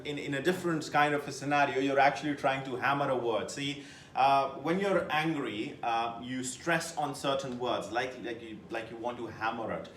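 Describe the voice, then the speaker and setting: A man teaching a test-prep class, lecturing with lively emphasis and putting questions to his students. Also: mid-range voice, moderate pace, roomy sound, a little hiss or hum.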